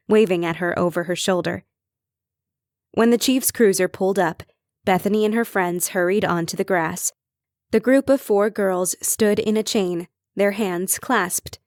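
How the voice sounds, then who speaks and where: A woman reading a cozy mystery audiobook in measured, even storytelling narration. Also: medium pitch, no room sound, studio quality. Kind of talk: scripted narration.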